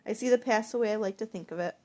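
Brief: woman audiobook narrator, breathy tone, reflective first-person reading. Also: on the high side, racing, darkish tone.

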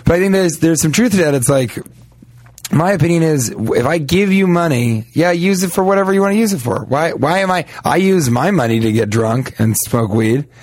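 A man co-hosting a comedy podcast, telling rambling stories in casual banter and mocking people with quick impressions. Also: fairly high pitch, lively intonation, a little mellow, dry recording.

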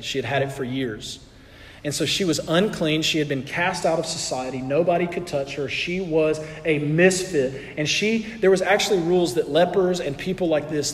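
Earnest male preacher in a reverberant hall. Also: on the high side. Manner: earnest, builds intensity then drops soft. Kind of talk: sermon.

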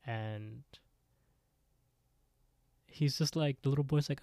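A man's voice: medium pitch, steady tone, unhurried, long pauses, no echo, clean studio sound. A man co-hosting a podcast, retelling a scary story in casual chat with lots of fillers. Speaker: podcast co-host.

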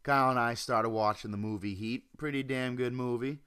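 A man's voice: medium pitch, steady tone, normal speed, fairly bright tone, smooth. A young man hosting his own podcast from home, ranting casually, swearing constantly and jumping from topic to topic on a desk mic. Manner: profane, rambling, jumps off topic. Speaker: podcast host. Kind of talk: casual solo rant. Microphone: home computer or desk mic.

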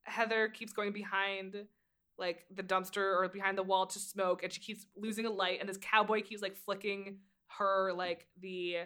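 A woman in casual podcast chat about a movie, excited and animated as she retells scenes. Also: mid-range voice, normal speed, smooth. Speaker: podcast co-host.

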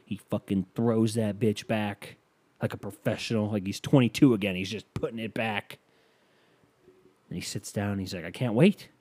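A man's voice: fairly low pitch, steady tone, normal speed, darkish tone, no echo. A male comedian doing crude comedic riffing in a rambling, profane way.

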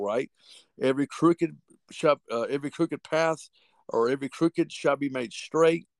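A man preaching on a podcast, teaching from the Bible with fervent conviction, reading scripture slowly and repeating key phrases. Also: mid-range voice, vocal fry, dry recording.

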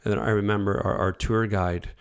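Brief: a Canadian male host, gravelly, who tells stories and plays out each line of dialogue. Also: fairly low pitch, fairly quick. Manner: animated, acts out dialogue. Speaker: podcast host. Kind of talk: casual storytelling.

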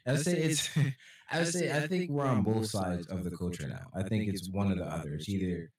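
A man's voice: fairly low pitch, moderate pace, a little mellow, distant mic. A man co-hosting a casual podcast chat who acts out what people say as he tells stories. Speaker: podcast co-host. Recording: echoey room, off the mic.

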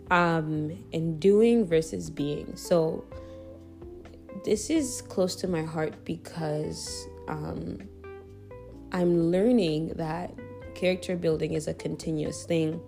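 Young woman, faith podcast host, lowish voice, loose chatty delivery with fillers, soft guitar behind. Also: gravelly. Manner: chatty, relaxed, frequent fillers and self-corrections. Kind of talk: casual faith podcast chat.

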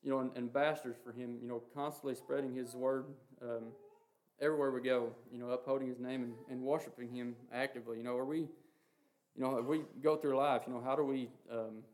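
Earnest halting preacher man, monotone. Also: mid-range voice. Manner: halting, heavy with "you know" and "um" fillers; earnest, reads scripture quotes aloud. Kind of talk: informal sermon on the Lord's Prayer.

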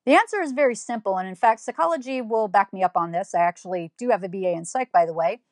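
A woman's voice: medium pitch, animated, quick pace, darkish tone, no echo, studio quality. A woman giving an opinion monologue, blunt and scolding, firing off one rhetorical question after another. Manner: emphatic, fires rhetorical questions. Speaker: commentator.

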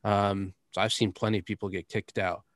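A man's voice: fairly low pitch, level tone, a little fast, a bit bright, no room sound. Rambling storyteller man, dry close sound. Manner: rambling storyteller, laughs often, drops curses. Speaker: podcast host. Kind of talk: casual chat.

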